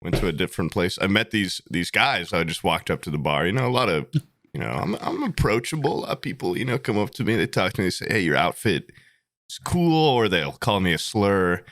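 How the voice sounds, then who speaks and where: A man's voice: deep voice, lively intonation, fast talker, a bit bright, no room sound, studio quality. A young man hosting a comedy podcast, telling rambling stories and laughing through them. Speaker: podcast host. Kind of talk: casual comedic storytelling.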